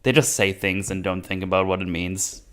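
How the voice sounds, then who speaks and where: A young man hosting a casual movie review chat, animated and mocking, often slipping into jokey character quotes. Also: sits low, normal speed, clean tone. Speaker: podcast host.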